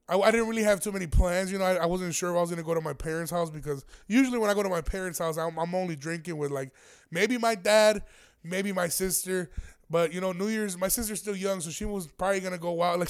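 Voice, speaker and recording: Creaky high-voiced man telling stories. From Aurora, Illinois area. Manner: profane, slangy, rambling. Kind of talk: casual storytelling.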